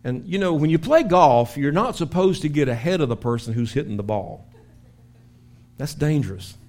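A man preaching a sermon as pastor in a church, telling stories with lively acted-out shouts. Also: a little high, normal speed. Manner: animated storytelling with acted-out shouts. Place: church sanctuary.

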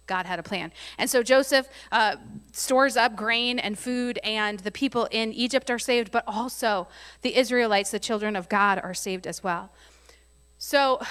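Bright, clear-voiced woman preaching. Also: a little high. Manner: conversational, laughs often, reads scripture aloud. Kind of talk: sermon.

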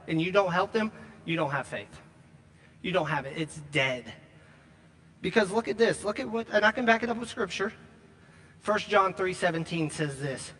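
A man preaching a sermon, emphatic, repeating key lines and slowing down to stress them. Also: sits high, a bit bright, big-room sound. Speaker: pastor.

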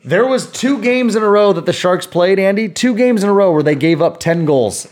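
A man's voice: high-pitched, animated, normal speed, darkish tone. A man co-hosting a sports podcast in casual chat, rambling with lots of fillers. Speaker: podcast co-host.

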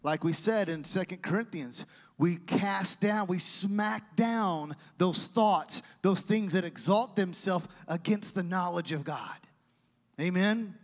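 A male pastor preaching a sermon with animated storytelling and asides to the congregation. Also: high-pitched, slow. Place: church sanctuary. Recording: long church hall reverb.

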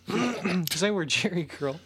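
A young man co-hosting a comedy podcast, telling a rambling, profane story in a deadpan way amid crude banter. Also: high voice, slow, husky. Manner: rambling, profane, deadpan parody of a movie plot. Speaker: podcast co-host.

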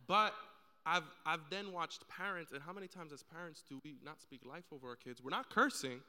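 A man's voice: on the high side, animated, a little fast, pushed and bright. Earnest man in a reverberant hall. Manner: earnest storytelling, acts out quoted voices. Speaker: church panel speaker. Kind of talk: church panel discussion.

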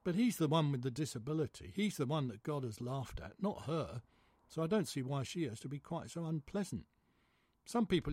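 A man narrates a first-person tale with a husky, slightly rough edge to his voice. His telling is wry and gossipy, full of dry sarcasm, and his pitch sits right in the middle of the usual range. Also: darkish tone, no echo. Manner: wry, gossipy, sardonic storytelling. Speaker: audiobook narrator.

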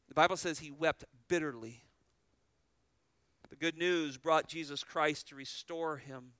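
A man's voice: a little high, sharp tone, clear, resonant tone, no room sound. A man preaching a sermon as pastor, earnest and full of rhetorical questions.

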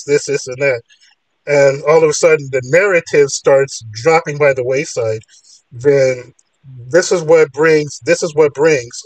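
A man's voice: a little high, no echo, distant mic, poor audio. A man hosting a call-in podcast, arguing his points in long rambling runs. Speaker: podcast host. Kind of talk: casual call-in talk.

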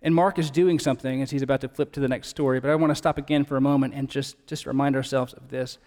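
A man's voice: medium pitch, steady tone, fast talker, a little mellow, in a large hall. A man preaching an earnest, conversational sermon as pastor and building to emphatic points.

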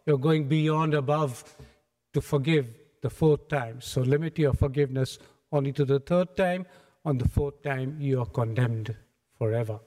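A man preaching a sermon in a church, retelling scripture as a lively story and acting out its scenes. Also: mid-range voice, moderate pace. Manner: animated storytelling, acts out scenes. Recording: echoey hall.

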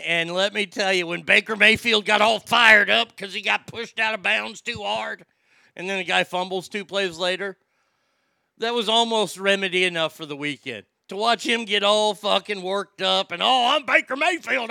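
Sarcastic guy ranting football, high gravelly voice, super bright and dry. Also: dry recording. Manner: brash, sarcastic, swears freely. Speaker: sports talk host. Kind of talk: casual sports rant.

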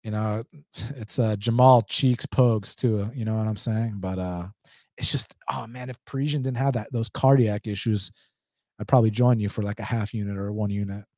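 A man's voice: fairly low pitch, fairly even intonation, normal speed, a little mellow, no echo, studio quality. A man with an Atlanta accent hosting a casual livestream, reading viewer comments and answering bluntly with slang and laughs. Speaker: MMA betting livestream host.

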